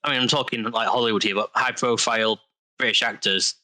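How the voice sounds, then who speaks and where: A man co-hosting a podcast in casual chat, with wry, quick comments. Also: mid-range voice, fairly even intonation, sharp tone, low-quality recording. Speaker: podcast co-host.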